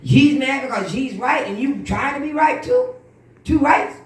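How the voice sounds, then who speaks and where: A woman minister giving an animated church testimony, acting out the voices of the people in her story. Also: high voice, normal speed. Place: church hall. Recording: echoey room from far off.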